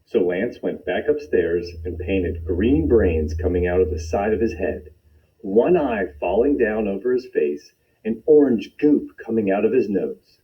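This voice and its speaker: Animated man reading a picture book. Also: on the low side, measured pace. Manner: expressive, animated storytelling. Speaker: storytime reader. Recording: dull lo-fi recording.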